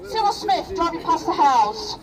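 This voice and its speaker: Speaking at an outdoor street protest, a middle-aged woman from Rochdale, England, delivers an impassioned, emotional rallying speech, repeatedly asking the crowd "yeah?" Her voice is extremely high and very animated, at a moderate pace. The recording is distant, captured outdoors among the crowd, with background noise.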